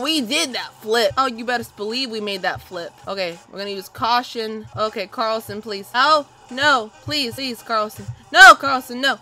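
A young woman commentating her gameplay with loud, excitable, cursing reactions and squeals. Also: a little high. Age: young adult. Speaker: gaming video host.

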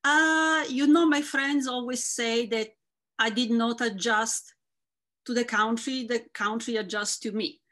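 A middle-aged Italian woman with a thick accent speaks at a fairly high pitch and an unhurried pace. She's a guest in a casual interview, an Instagram content creator telling animated stories about her work and life.

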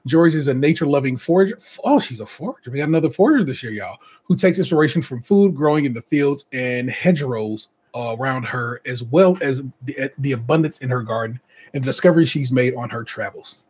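Husky-voiced man hosting a podcast. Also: mid-range voice, animated, fairly quick, a little mellow. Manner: reads contestant bios with chatty asides and laughs. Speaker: podcast host. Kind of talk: casual podcast chat.

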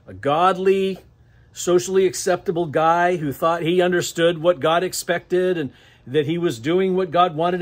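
A husky, fairly high-pitched man with an American accent delivers a church sermon. He preaches in a loose, conversational way and chuckles often between phrases. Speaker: pastor. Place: church sanctuary.

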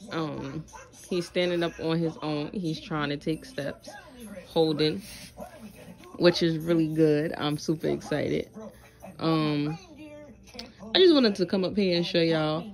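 A young woman and mother chatting casually in a vlog at home, relaxed and chatty with lots of fillers. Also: low-pitched. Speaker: vlogger, mother. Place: home, indoors.

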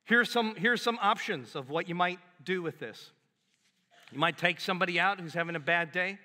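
High bright-voiced male pastor preaching. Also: moderate pace. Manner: animated, conversational preaching with acted-out quotes. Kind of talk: sermon. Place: church sanctuary. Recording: long hall reverb in a church.

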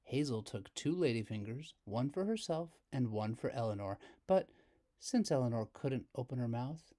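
A man reading a children's picture book aloud as storyteller, slow and expressive. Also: medium pitch.

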